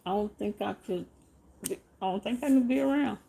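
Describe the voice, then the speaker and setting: A middle-aged woman hosting a casual live chat, talking softly and haltingly, often repeating her words. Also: medium pitch, creaky, slight background noise. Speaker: show host.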